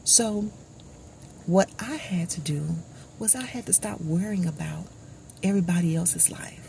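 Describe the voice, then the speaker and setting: A woman with a gravelly, lowish voice tells a personal story, slowly and reflectively. She often drops into a hushed tone. Steady background noise sits under the recording. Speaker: vlogger.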